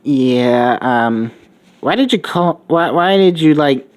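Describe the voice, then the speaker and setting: A man's voice: a little high, lively intonation, takes it slowly, darkish tone. A man doing a whiny teenage girl. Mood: dramatic. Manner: whiny, dramatic.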